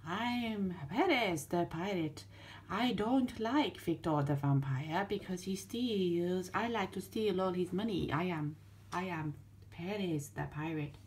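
A greedy toy pirate who gloats slowly about pinching money, played by a woman. His voice sits lower than her own, drawn out and smug. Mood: gloating.

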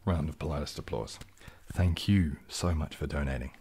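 A man hosting a casual late-night ASMR livestream, chatting softly and reading viewers' questions aloud, rambling in a relaxed way and sometimes dropping into a whisper. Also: extremely low pitch, normal speed, slight background noise. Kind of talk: casual soft-spoken livestream chat.

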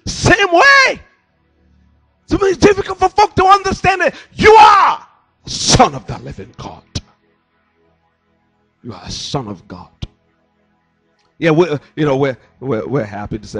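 Male pastor, sermon delivery, husky timbre, animated pitch, handheld mic. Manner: emphatic preaching with rhetorical questions. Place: church. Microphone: handheld microphone.

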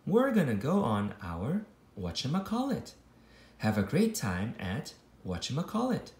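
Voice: medium pitch, wildly swooping pitch, unhurried, reverberant. A kindergarten teacher reading a picture book aloud to children, playful and hopping between many silly character voices. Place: classroom.

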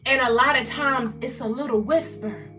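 Woman in her 50s, motivational speaker, loud and exhorting, high bright voice, distant mic, faint music behind. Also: normal speed. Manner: loud, exhorting, repeats rallying phrases. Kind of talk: live-stream motivational talk.

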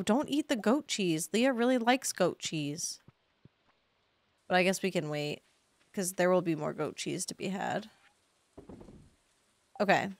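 Young adult woman, let's-play streamer; slow, wry, chatty delivery with mild swearing; dry close mic. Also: mid-range voice, no room sound. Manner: chatty, sarcastic, swears, yelps when panicked. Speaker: streamer playing a farming game. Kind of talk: casual let's-play commentary to chat.

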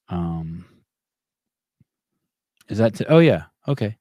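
A man's voice: mid-range voice, animated, moderate pace, dry recording, clean studio sound. A man hosting a podcast in casual chat, rambling and swearing often, with many restarts. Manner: rambling and profane, with frequent restarts. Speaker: podcast host.

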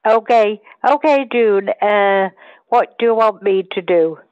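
A woman's voice: mid-range voice, a little slow, darkish tone, no echo, muffled recording. An older woman in a drama group, chatting from home in a hesitant, confused way. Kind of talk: casual group chat.

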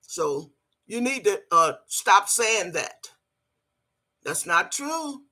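A woman's voice: medium pitch, sing-song, slow pace, bright, forceful tone. An older woman hosting a casual livestream, greeting viewers and scolding critics in a blunt, feisty way. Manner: greets chat viewers by name. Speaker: livestream host.

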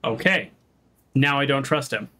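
A game streamer giving heated, animated commentary during a playthrough, ranting and arguing points out loud. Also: medium pitch, measured pace. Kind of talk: let's play commentary.

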